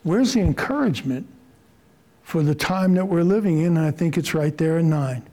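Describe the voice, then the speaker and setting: A middle-aged man preaching a sermon as pastor, fervent and forceful at times, then slowing and softening. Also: fairly high pitch, lively intonation, rough recording. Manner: fervent, rising to forceful emphasis, then slow and soft.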